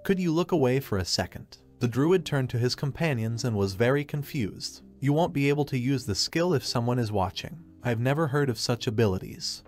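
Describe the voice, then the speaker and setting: A man narrating an anime story recap, reading every character's lines in the same even voice. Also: medium pitch. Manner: reads all characters' lines in one even voice. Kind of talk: scripted narration.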